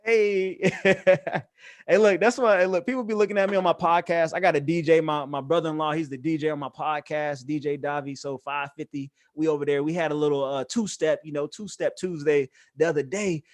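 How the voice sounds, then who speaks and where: Male guest speaker, high pitch, dry sound, lively and jokey, slangy casual delivery. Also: fairly quick, dry recording. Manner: energetic, joking, laughs often; conversational, street slang. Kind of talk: casual motivational talk to youth.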